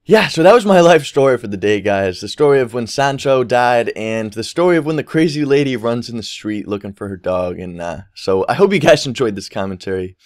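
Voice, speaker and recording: A man's voice: medium pitch, brisk, hardly any pauses, dry recording. Young male gaming YouTuber, loose rambling storytelling, dry booth-like sound. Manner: rambling, swears freely, quotes people in animated voices. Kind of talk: casual storytelling over gameplay.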